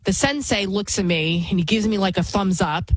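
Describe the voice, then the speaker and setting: A woman at a middle pitch with a dry, close sound talks casually and bluntly. She rambles, states her opinions flatly and keeps restarting sentences. She works as a TV news host. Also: normal speed, no room sound, poor audio. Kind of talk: casual spoken monologue.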